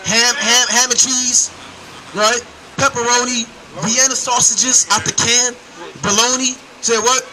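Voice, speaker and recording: A man's voice: very high voice, flat delivery, measured pace, crowd noise, low-quality recording. A man preaching on the street, emphatic and calling to his listeners as brother and man.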